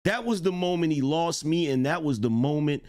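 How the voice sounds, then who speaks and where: A middle-aged man hosting reaction commentary, speaking slowly and emphatically and repeating lines for effect. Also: a little high, a little mellow. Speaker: host.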